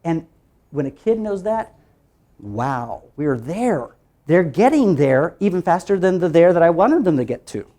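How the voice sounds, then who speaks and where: Training teachers at a phonics session, this man sounds lively, his pitch jumping quickly as he asks and then answers his own questions, chanting through the same steps again and again.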